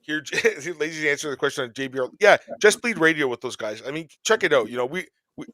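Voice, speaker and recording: Fast-talking male podcast host. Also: on the high side, animated, sharp tone, dry recording. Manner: rapid, rambling, joking asides. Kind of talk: casual podcast chat.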